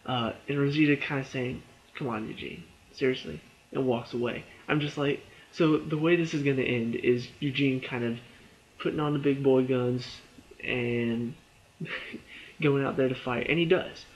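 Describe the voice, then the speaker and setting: A man in a casual episode review, retelling scenes with breathless excitement and constant fillers. His voice sits in an ordinary middle pitch. The recording sounds dull and lo-fi. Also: a little slow.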